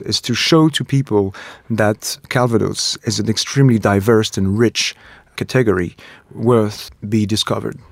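A man from France with a French accent, a spirits brand co-founder explaining his product in a relaxed interview, with many fillers. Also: fairly low pitch, creaky, no echo. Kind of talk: conversational interview.

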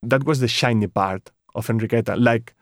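A man's voice: mid-range voice, fairly quick, no room sound, studio quality. An author being interviewed on radio about his book, a man who often repeats words as he searches for the right phrase. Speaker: author guest.

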